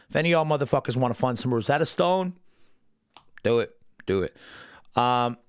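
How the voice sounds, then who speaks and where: A man giving a casual, rambling episode review as a podcast host, swearing freely and breaking into quick impressions of character lines. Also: medium pitch, no room sound, clean studio sound. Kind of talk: casual unscripted commentary.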